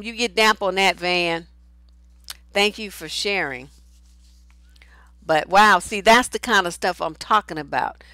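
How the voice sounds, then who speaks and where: A blunt, outspoken woman speaks as a relationship coach, her talk loose and unscripted as she answers viewer comments. She swears freely and does not soften her opinions. Her voice sits at a middle pitch and sounds close and dry, with no room echo. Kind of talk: casual advice talk, reading viewer comments.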